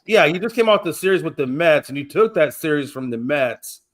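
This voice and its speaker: A man co-hosting a casual sports talk stream, animated, swearing and laughing as he vents about his team's injuries. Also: fairly high pitch, fairly quick. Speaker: sports show co-host.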